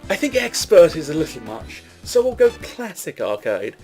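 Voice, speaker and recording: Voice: medium pitch, very animated, normal speed, dark tone, soft background music. Chatty gamer narrating play, wanders off mid-sentence, voice swings up and down a lot. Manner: rambling, self-correcting, swears at mistakes. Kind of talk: casual gameplay commentary.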